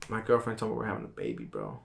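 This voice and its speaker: A young man in his twenties telling a personal story in a casual podcast chat, relaxed and full of slang and fillers. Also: lowish voice, racing, gravelly. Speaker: podcast guest.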